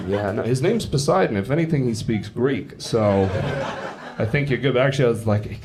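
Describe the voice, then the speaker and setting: Man, mid-pitch, brash profane stand-up storyteller, live club recording with audible noise. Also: lively intonation, moderate pace. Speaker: stand-up comedian. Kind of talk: stand-up comedy set. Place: comedy club stage with a live audience. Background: audience laughter.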